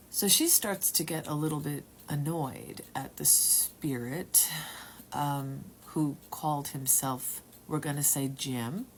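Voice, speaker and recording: A woman at home telling a personal story in a rambling, halting way, sometimes dropping to a whisper. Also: low voice, slight background noise. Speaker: testimony speaker.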